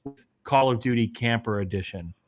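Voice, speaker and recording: A man co-hosting a casual gaming podcast from a remote line that sounds choppy and robotic, delivering dry, deadpan jokes. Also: medium pitch, moderate pace. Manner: deadpan joking, dry sarcasm. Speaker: podcast co-host. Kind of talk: casual chat about video games.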